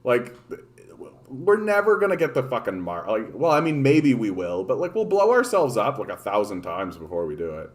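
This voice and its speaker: A man from Canada hosting a casual political livestream, ranting sarcastically and profanely, with many stumbles and restarts. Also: mid-range voice.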